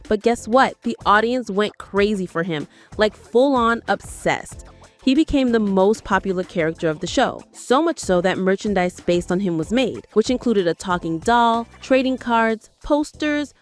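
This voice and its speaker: Female countdown narrator, mid pitch, chatty and hyped, faint music bed. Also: animated, moderate pace. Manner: chatty and hyped, playful asides. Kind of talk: scripted narration.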